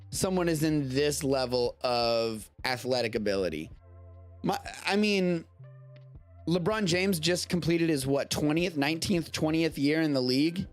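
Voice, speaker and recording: A man's voice: a little high, expressive, a little slow, soft background music. A man hosting a live-streamed show from home, chatting casually about the news in a rambling, self-interrupting way with casual swearing.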